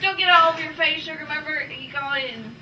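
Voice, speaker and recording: A woman coaxes and bickers in a high, very bright voice. She sounds far from the mic in an echoey room. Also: very fast.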